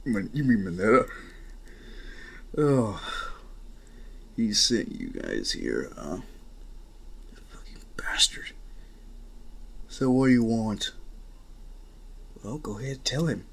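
A man voicing a lazy, gruff young gang leader who gives bored, curt replies. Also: on the low side, huge pitch swings, takes it slowly, long pauses, heavily acted. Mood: grumpy.

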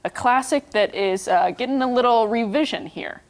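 A woman's voice: fairly high pitch, moderate pace. A young woman anchoring morning entertainment news, reading stories and riffing chattily with co-hosts. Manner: bright, chatty delivery, reads then riffs.

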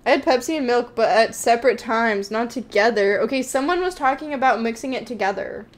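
A woman's voice: fairly high pitch, brisk. Chatty, jittery woman gaming streamer. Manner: chatty, talks to chat, nervously jokey. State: jittery, scared. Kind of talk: live-streamed game commentary.

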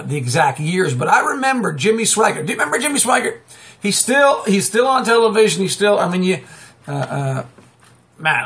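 A man preaching off the cuff, rambling and emphatic, breaking into sudden loud outbursts and chuckles. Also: sits high, gravelly. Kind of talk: fiery unscripted preaching monologue.

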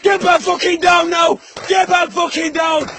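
Shouting sweary army corporal, noisy clip. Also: male voice, extremely high pitch, little pitch movement, measured pace. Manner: yelling, sweary, harsh. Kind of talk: drill instructor shouting at a recruit.

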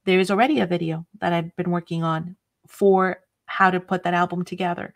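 A woman's voice: lowish voice, steady tone, a little fast, creaky. A woman hosting a casual craft livestream, chatty and a bit scattered, often laughing. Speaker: craft channel host.

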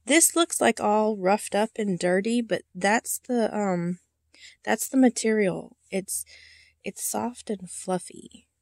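A woman talks slowly through a casual show-and-tell vlog. Her voice is gravelly and soft, and it often drops to a whisper as she holds back tears. The sound is dry and close, with no room echo. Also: medium pitch. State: emotional, holding back tears. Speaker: reborn doll collector showing her dolls.

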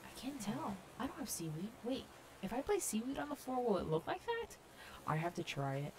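A woman's voice: mid-range voice, normal speed, background noise. Gushing young woman touring a game island. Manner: gushing, excited, lots of gasps and "oh my God". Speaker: gaming vlogger touring a fan-made island. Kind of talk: casual game commentary.

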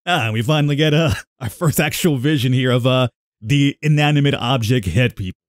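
A man's voice: mid-range voice, a little fast, no room sound, clean studio sound. A man streaming a visual novel, reading aloud and making joking asides. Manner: joking, self-mocking asides. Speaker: gaming streamer.

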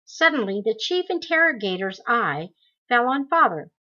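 A woman reading a memoir aloud in slow, deliberate storytelling. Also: fairly high pitch, big pitch swings, bright, forceful tone, muffled recording. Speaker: audiobook reader.

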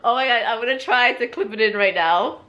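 A woman chatting in a family vlog, excitable and laughing a lot, switching between English and Spanish. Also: on the high side, fairly quick, reverberant. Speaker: family vlogger. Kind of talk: casual family chat.

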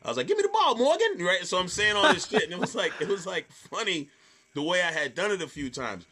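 A man in his thirties, a stand-up comedian, telling a story in a casual, animated way, often swearing and repeating words. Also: on the high side, fast talker, noisy background. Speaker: stand-up comedian, podcast guest.

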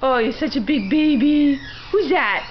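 Woman, dog owner, baby talk to pet, doting, teasing, lively pitch, home video, barking dog, background noise. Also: a little slow, dull audio. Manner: sing-song, doting, teasing. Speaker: dog owner filming her puppy. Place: home, indoors. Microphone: handheld camera.

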